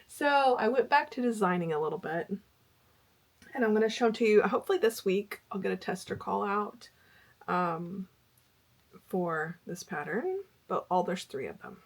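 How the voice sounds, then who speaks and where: A woman's voice: medium pitch, normal speed. A middle-aged woman vlogging about crochet in a chatty, rambling way with fillers. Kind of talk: casual chat.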